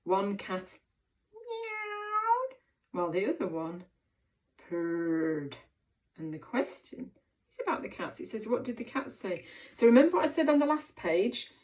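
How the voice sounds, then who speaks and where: A woman teaching a reading lesson to young children, encouraging and clear, making animal noises along the way. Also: fairly high pitch, sing-song, normal speed, darkish tone. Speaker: primary school teacher.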